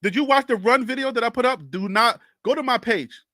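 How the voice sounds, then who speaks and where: Man, Liberian English accent, sports live-streamer, exasperated, high-pitched, dry sound. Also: brisk, no echo. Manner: animated and exasperated, repeats questions. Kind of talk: live stream, answering chat comments.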